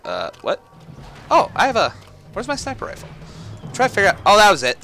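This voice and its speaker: A man giving let's play commentary on a shooter game, excitable, swearing and yelling at enemies. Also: high voice, a little fast, pauses often, faint music behind. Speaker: gaming YouTuber.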